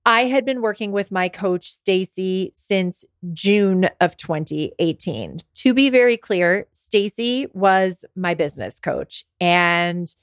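A woman's voice: mid-range voice, animated, takes it slowly, hardly any pauses, dry recording, studio quality. A woman around forty, hosting her podcast, tells a candid personal story. She says she is worn out and under the weather, and her talk gets emotional and full of restarts. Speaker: podcast host and business coach.

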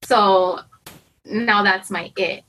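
A woman's voice: medium pitch, fairly even intonation, very slow, a bit bright, a little hiss or hum, poor audio. A woman talking candidly in an interview as a karate student, anxious and rambling, often restarting and quoting her own worried thoughts. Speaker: karate student preparing for black belt.

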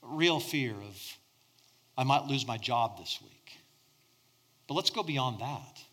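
A middle-aged man preaching a sermon, swinging between loud emphasis and hushed near-whispers. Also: mid-range voice, lively intonation, takes it slowly. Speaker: pastor.

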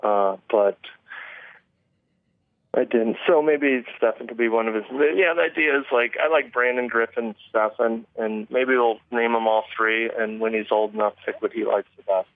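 A man being interviewed over the phone about his fighting career, talking haltingly with many restarts and chuckles. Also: mid-range voice, dry recording. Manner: halting, restarts often, chuckles between thoughts. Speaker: MMA fighter guest. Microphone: phone call. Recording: tinny phone line.

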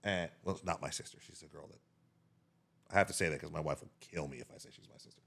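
A guest on a podcast, this man tells a casual story in an animated way, swearing freely and talking with his hands. His voice is very deep, creaky and husky, and he speaks fast.

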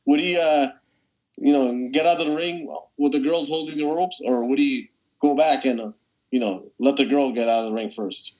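A man's voice: medium pitch, fairly even intonation, a little mellow. Rambling man on a dull recording. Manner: rambling, halting, crude jokes. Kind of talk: casual chat.

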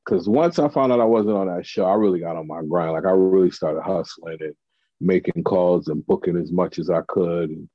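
A man's voice: deep voice, moderate pace, no echo, lo-fi sound. A man, a comedian and TV writer, telling a story in casual chat and acting out the quotes of the people in it.

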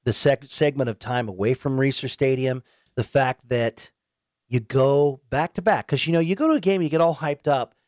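A man's voice: mid-range voice, normal speed, no echo, studio quality. A man hosting a sports talk radio show, chatting casually and acting out fans' reactions in a raised voice. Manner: animated, quotes imagined fans in raised voice. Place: radio studio.

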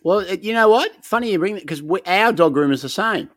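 A man's voice: sits high, expressive, a little fast, a bit bright, no echo, clean studio sound. An Australian man co-hosting a podcast, telling sweary, laid-back stories in casual banter. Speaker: podcast co-host.

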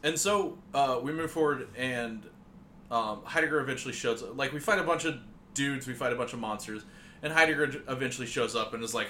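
A man co-hosting a podcast, talking about a video game in a dry, measured way and handing the topic to his co-host. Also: medium pitch, pushed and bright, a little hiss or hum. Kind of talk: casual game critique chat.

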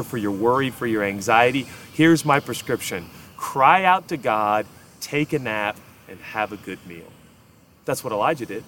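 A young adult man, a pastor delivering a sermon in a conversational, emphatic way, swinging between hushed asides and loud stresses. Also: medium pitch.

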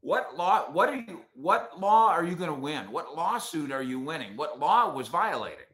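A man's voice: a little high, normal speed, roomy sound. A man hosting a casual sports talk show, ranting with strong opinions. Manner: opinionated, animated rants.

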